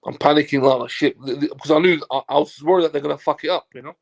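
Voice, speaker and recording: A man's voice: on the high side, rapid-fire, vocal fry. A man, a football agent as a guest, telling a story casually, acting out what others said and swearing freely. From Turkey. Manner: animated storyteller, swears, acts out dialogue.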